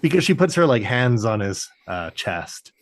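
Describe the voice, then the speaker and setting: A man co-hosting a casual cartoon review podcast, animated and quick to act out lines in a mocking voice. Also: mid-range voice, no room sound. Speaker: podcast co-host.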